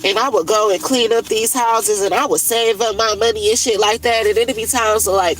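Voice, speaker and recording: A woman's voice: a little high, fairly even intonation, normal speed, rough recording. Blunt, profane woman in her thirties venting. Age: 30s. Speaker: livestreamer. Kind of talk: casual venting monologue.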